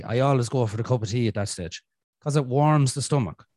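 A man's voice: mid-range voice, fairly quick, a little mellow, dry recording, studio quality. An Irish man hosting a podcast, talking bluntly with lots of swearing and jokes, and acting out his own inner voice. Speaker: podcast host. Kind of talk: casual podcast chat.

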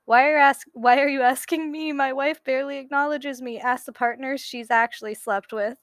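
A woman's voice: high-pitched, steady tone, moderate pace, no room sound, clean studio sound, lightly acted. A woman voicing Hephaestus as a neglected male god complaining in a whiny, aggrieved tone.

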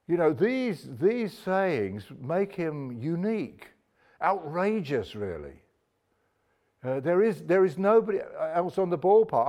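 A male preacher gives a sermon in a chatty, conversational manner. His voice sits a little high for a man. He reads scripture passages aloud and often restarts phrases for emphasis.

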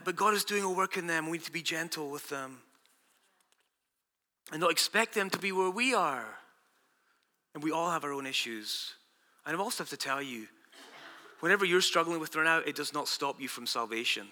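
A man preaching a sermon in a conversational, emphatic way, moving between loud declarations and hushed asides. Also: high voice, big-room sound. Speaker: pastor.

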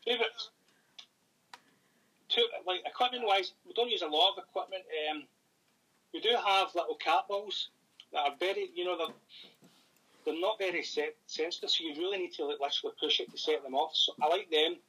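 A Scottish man in casual interview chat, rambling and thinking aloud with many pauses. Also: high-pitched, sharp tone, breathy edge, low-quality recording. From Scotland. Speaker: paranormal investigator and author.

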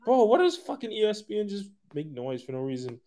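A man co-hosting a podcast, ranting in profane, animated casual chat. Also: sits high, a little fast. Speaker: podcast co-host.

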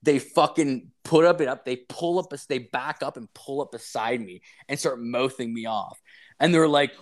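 A man's voice: mid-range voice, normal speed. Young guy, casual storyteller, profane and rambling, mid-range voice. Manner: crude, swearing constantly, filler-heavy, animated retelling.

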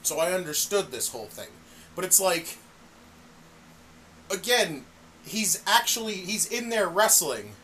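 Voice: mid-range voice, a little slow, pauses often, a little hiss or hum. A podcast co-host in casual chat, swearing a lot and acting out other people's outbursts as they rant. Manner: profane, animated, acts out people's outbursts. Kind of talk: casual chat reviewing wrestling.

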